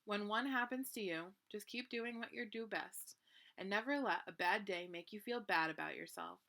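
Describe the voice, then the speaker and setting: A woman voicing a kind mother who comforts her child softly and calmly. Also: medium pitch, moderate pace. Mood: soothing. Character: kind, calm mother of a little monster.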